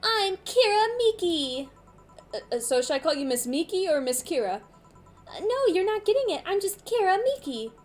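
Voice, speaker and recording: A woman's voice: high-pitched, lively intonation, fairly quick, a little mellow, soft background music. A woman voicing a bubbly, showy young female pop idol as she reads a visual novel aloud, with a theatrical, sing-song delivery. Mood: chirpy.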